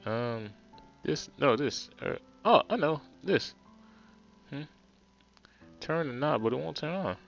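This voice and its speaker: A man with a New Jersey accent commentating a game, shouting excitably and loudly. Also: a little high, unhurried, gravelly, pauses often. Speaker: let's play gamer. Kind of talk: let's play commentary and reading. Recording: slightly muffled with game music behind.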